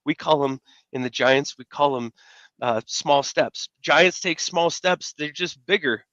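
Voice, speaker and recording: A man's voice: fairly high pitch, a little slow, a bit bright, dry recording. Dull-sounding man telling a rambling story. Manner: rambling storyteller with frequent restarts and laughs. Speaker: podcast host. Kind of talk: casual conversational interview.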